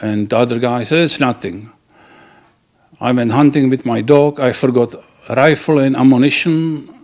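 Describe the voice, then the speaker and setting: A man telling jokes casually in a halting way, with many fillers and grammar. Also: mid-range voice, a little mellow. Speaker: joke teller.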